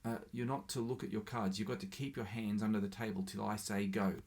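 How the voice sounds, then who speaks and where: A man's voice: on the low side, fairly even intonation, a little fast, lightly acted. A man reading aloud and voicing a boastful, bossy little boy who plays a bull in a children's card game. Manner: loud, commanding, eager.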